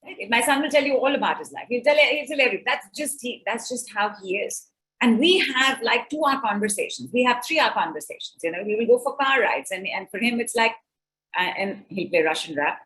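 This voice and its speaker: A middle-aged woman speaking on relationships at an online summit, animated and conversational, acting out quoted exchanges. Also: on the high side, brisk, rough recording.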